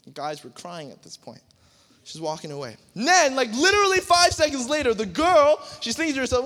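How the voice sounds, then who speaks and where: A young man preaches to a youth crowd in a lively, joking way, breaking into acted-out scenes and sudden shouts. His voice sits high for a man. It echoes with a long reverb through a large hall. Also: normal speed. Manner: animated, joking, acts out movie scenes with shouts. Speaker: youth pastor.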